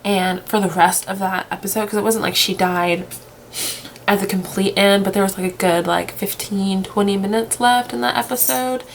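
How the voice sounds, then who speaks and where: A woman's voice: mid-range voice, gravelly, a little hiss or hum. A young woman vlogging casually, worn out from crying and short on sleep, rambling and trailing off into whispers. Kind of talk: casual emotional vlog.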